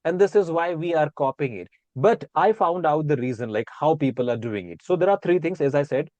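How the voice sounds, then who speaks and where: A man's voice: a little high, animated, brisk, darkish tone, no echo, highs cut off. A man with an Indian accent, chatting casually as a guest and explaining pronunciation by repeating example words aloud.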